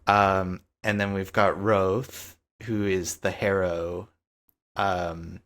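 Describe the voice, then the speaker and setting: Brief: male podcast co-host, low voice, unhurried, lots of ums. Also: flat delivery, fairly bright tone. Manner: hesitant, many fillers. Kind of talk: casual chat.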